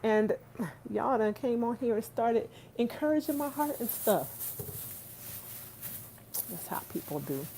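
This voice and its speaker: A woman's voice: a little high, sing-song, a little slow, long pauses, poor audio. Friendly woman chatting to viewers while cooking, recorded on a phone propped on a kitchen counter, light noise underneath. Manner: chatty, warm-hearted, laughs often, talks to viewers directly. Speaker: vlogger hosting a livestream. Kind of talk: casual livestream chat while cooking. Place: home kitchen, rain outside. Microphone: phone set on the counter.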